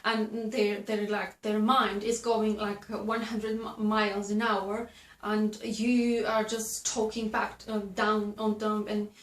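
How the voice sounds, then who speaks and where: Slow, halting woman in an echoey room. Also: mid-range voice, flat delivery. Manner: slow, halting, many fillers and restarts. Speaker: video host giving advice. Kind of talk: casual instructional talk to camera.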